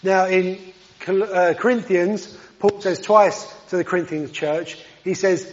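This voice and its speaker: A man's voice: sits high, steady tone, unhurried. A man preaching a sermon in an earnest way, with self-deprecating asides. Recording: dull sound with long hall reverb.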